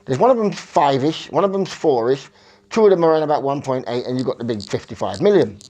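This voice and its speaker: A man's voice: mid-range voice, expressive, fast talker, darkish tone. A man from England, talking in a rambling, self-correcting monologue that searches for words. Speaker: vlogger.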